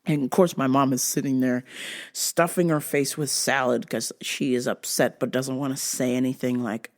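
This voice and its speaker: Animated, swearing woman vlog host. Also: medium pitch, moderate pace. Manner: animated, laughing, heavy swearing. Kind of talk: casual comedic monologue.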